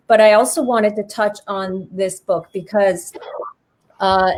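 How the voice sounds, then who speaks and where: A woman hosts an interview over a video call. She sounds enthusiastic and effusive, with a voice at a middle pitch. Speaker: host.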